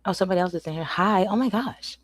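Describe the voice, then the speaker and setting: A woman's voice: fairly low pitch, fast, no room sound. A woman hosting a casual livestream, frustrated and swearing, often dropping into whispers, talking into a desk microphone at home. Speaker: livestream host.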